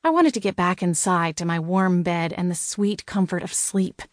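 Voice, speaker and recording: A woman narrating a first-person fantasy audiobook in a wry, expressive way. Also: lowish voice, moderate pace, no echo, clean studio sound.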